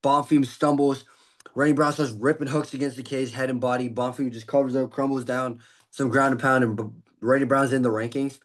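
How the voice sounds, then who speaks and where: A man's voice: medium pitch, little pitch movement, a little fast. A man talking through fight predictions in a loose, rambling way, with plenty of fillers. He sounds tired and a little out of breath. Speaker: podcast host giving fight predictions. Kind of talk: casual fight breakdown.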